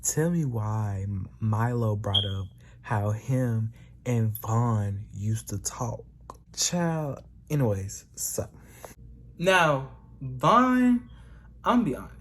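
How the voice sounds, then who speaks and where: A young man in a casual storytime vlog, with an ordinary mid-pitched voice. He talks in a gossipy, chatty way and keeps calling the listener "girl". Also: animated, slow pace, fairly bright tone, a little hiss or hum. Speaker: vlogger.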